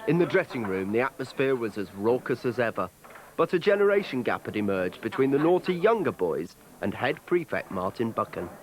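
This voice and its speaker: A man giving measured, wry scripted narration for a documentary. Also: medium pitch, big pitch swings, low-quality recording.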